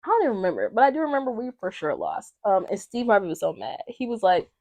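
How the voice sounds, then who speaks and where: A young woman from Atlanta, a podcast guest telling a family story in a lively way and acting out the voices of her relatives. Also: medium pitch, quick pace, vocal fry. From Atlanta, Georgia. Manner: animated, acts out family members' voices. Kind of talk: casual storytelling.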